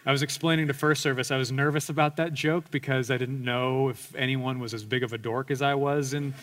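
A man's voice: mid-range voice, fairly even intonation, brisk, a bit bright. A male pastor preaching an earnest sermon, telling personal stories with self-deprecating humor and frequent restarts.

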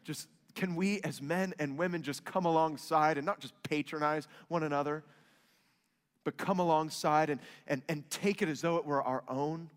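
Guy preaching a sermon, kinda high voice, big booming church reverb, gets loud then goes quiet. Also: normal speed, clear, resonant tone. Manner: dynamic preaching, swings between loud emphatic rises and soft hushed lines. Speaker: pastor. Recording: long hall reverb.

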